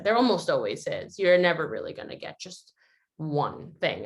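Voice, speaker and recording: This woman hosts a family video call, her voice lowish but fairly bright in tone. She talks casually, in an earnest, reflective way, sometimes acting out what others said.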